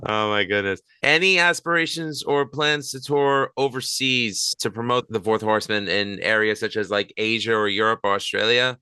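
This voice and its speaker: A man's voice: fairly low pitch, normal speed, few pauses, sharp tone, clear, resonant tone, no room sound. A man hosting a podcast, asking polite, somewhat hesitant interview questions. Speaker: podcast host.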